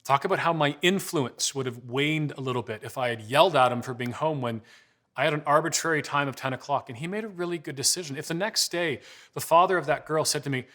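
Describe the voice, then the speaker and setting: Speaking quickly, this man in his forties gives a slide presentation on parenting, his voice fairly high, bright and forceful. His stories are conversational, and he performs the dialogue in them himself.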